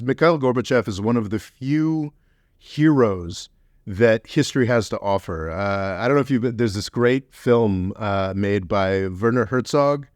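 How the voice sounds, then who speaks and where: Heated, animated man. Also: lowish voice, dry recording, clean studio sound. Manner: animated, heated, mocking voices in quotes. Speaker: podcast co-host. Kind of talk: casual political chat.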